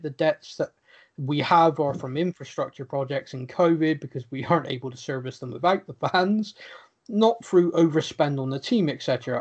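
A man's voice: a little high, a little mellow, dull audio. A man hosting a casual podcast, reading out listener questions and answering in a chatty way with stammering restarts and frequent laughs. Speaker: podcast host.

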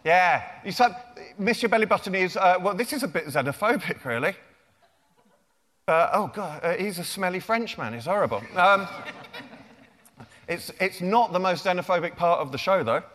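A children's author in his forties gives a playful, self-mocking comic talk to young fans in a large lecture theatre. His high-pitched, slightly bright voice has lively intonation at a moderate pace, and the hall is reverberant.

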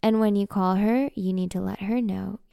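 Gravelly sassy woman narrating a story. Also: mid-range voice, steady tone, moderate pace, warm tone, dry recording, studio quality. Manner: sassy, spoiled-brat attitude in dialogue. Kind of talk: first-person audio drama narration.

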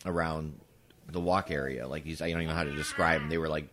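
A man co-hosting a podcast, telling stories in casual chat, swearing freely and breaking into shouted impressions. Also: a bass voice, quick pace, noisy background. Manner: animated, breaks into loud shouted impressions and laughs. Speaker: podcast co-host. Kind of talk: casual storytelling.

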